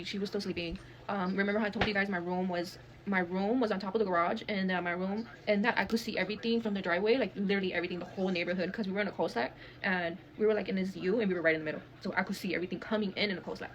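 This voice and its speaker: A woman's voice: mid-range voice, steady tone, very fast, hardly any pauses, muffled recording. A woman, telling a dramatic personal story in a blunt, heavily cursing manner. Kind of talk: casual storytime monologue.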